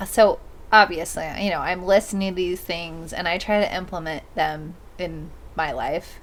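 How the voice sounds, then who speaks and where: A woman's voice: on the low side, fairly even intonation, moderate pace. A woman hosting a podcast, chatting candidly and reflectively. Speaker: podcast host. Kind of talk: podcast conversation.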